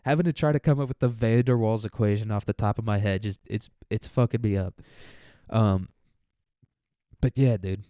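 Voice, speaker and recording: A man's voice: fairly low pitch, warm tone, no room sound, studio quality. A young man in a casual solo podcast monologue who rambles and swears and laughs often, sounding mentally tired. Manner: rambling, crude, laughs a lot. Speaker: student podcaster.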